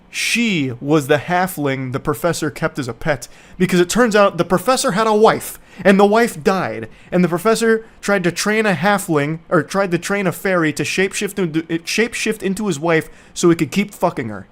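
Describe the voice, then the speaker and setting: A man giving casual, rambling movie commentary, sarcastic, profane and mocking. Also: a little high.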